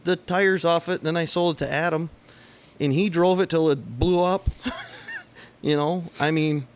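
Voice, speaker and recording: A man's voice: on the high side, a little slow. A man from Michigan with a Michigan accent, co-hosting a casual car podcast in a laid-back way with dry humor. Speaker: podcast co-host. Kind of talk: casual chat.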